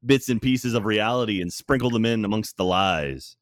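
A man's voice: fairly low pitch, normal speed, no echo, clean studio sound. A man playing along as a contestant, questioning playfully. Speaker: game contestant. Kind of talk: casual game show banter.

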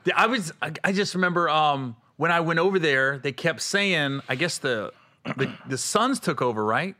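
A man's voice: fairly high pitch, lively intonation, moderate pace, bright, forceful tone. A male comedian hosting a casual podcast chat, who laughs often and mimics the people in his stories.

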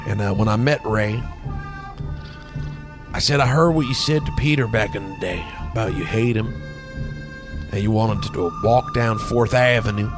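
A man doing an impression of a gruff middle-aged football coach, rambling and boasting in a folksy way. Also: fairly low pitch, moderate pace, long pauses, over music, lightly acted. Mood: rambling boastful.

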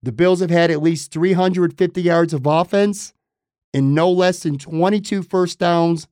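A man talks into a close podcast mic, his voice sitting a touch higher than most men's. He delivers emphatic, opinionated sports commentary, restarting phrases as he pushes his point. The sound is dry, with no room around it. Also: measured pace, darkish tone, clean tone, no echo. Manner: emphatic, opinionated, self-correcting. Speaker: podcast host.

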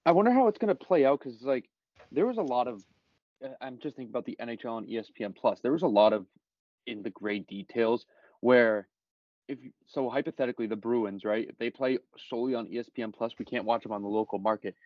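A man co-hosting a casual sports podcast, musing aloud in a halting way. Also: mid-range voice, no room sound. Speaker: podcast co-host. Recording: dull dry lo-fi audio.

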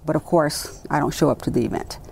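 Gravelly, low-voiced woman telling stories. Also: a little fast. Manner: animated storyteller acting out quoted dialogue. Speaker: interview guest, sports executive. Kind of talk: conversational interview.

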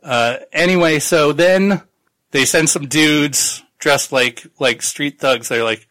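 A man's voice: fairly high pitch, slow pace, fairly bright tone, poor audio. A man on a podcast casually recapping a novel's plot, rambling and swearing as he acts out the characters. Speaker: podcast co-host.

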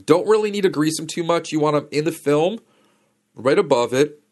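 A man's voice: fairly high pitch, lively intonation, normal speed, darkish tone. Chatty man telling a rambling story. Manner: chatty, slangy, digressive. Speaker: podcast host. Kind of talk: casual storytelling.

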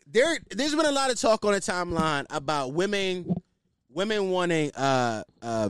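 A young man talks straight into the mic in a loose, ranting monologue, cursing often and getting worked up. His voice sits a little high and swings widely up and down. The sound is close and dry, with no room around it. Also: clear, resonant tone, no echo. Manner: animated, ranting, swears freely. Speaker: podcast host. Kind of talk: casual solo commentary.

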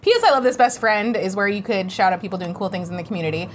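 A woman's voice: mid-range voice, rapid-fire, slight background noise. A woman co-hosting a morning chat show, reading out viewer messages in an upbeat, chatty way. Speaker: co-host. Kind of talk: casual chat.

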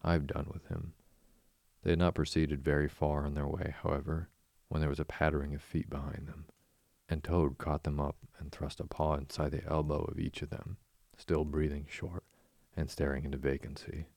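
A man reading a storybook aloud in a measured, even way. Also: rumbling low, gravelly, dry recording. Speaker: narrator.

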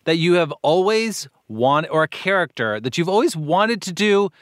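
A man hosting an interview, curious and quick to laugh, his pitch rising and falling a lot. His voice sits a little high and sounds dry and close. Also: very animated, no room sound. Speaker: podcast host. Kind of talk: interview questions.

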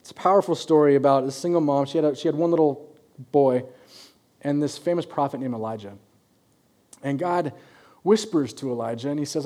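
A male pastor delivers a sermon in a loose, conversational way, slipping into the voices of the people in his stories. His voice sits a little high and sounds mellow. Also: a little fast, pauses often. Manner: conversational, acts out quoted voices.

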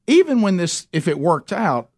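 A man, hosting a radio talk show, telling a story loudly and doing the voices of the people in it. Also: sits high, normal speed. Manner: loud and animated, acts out voices of people in his story.

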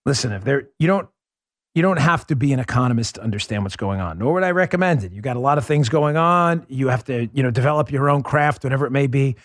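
A man's voice: medium pitch, lively intonation, quick pace, no echo, studio quality. Sarcastic man hosting a political talk show. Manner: sarcastic, emphatic, fires rhetorical questions. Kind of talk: political commentary monologue.

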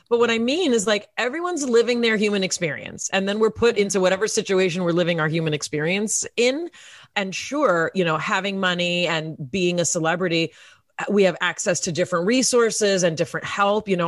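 Woman guest, candid and self-mocking, lots of fillers; slightly low pitch, dry recording. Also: no room sound. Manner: candid and self-deprecating, laughs often; frequent "like" and "you know" fillers. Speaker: guest, actress and podcaster. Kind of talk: candid interview chat.

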